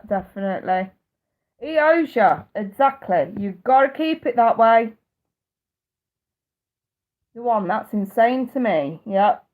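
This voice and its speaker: A British woman in her thirties, a psychic reader chatting casually on a live stream, blunt and profane and often laughing. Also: medium pitch. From United Kingdom. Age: 30s. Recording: tinny phone-like audio.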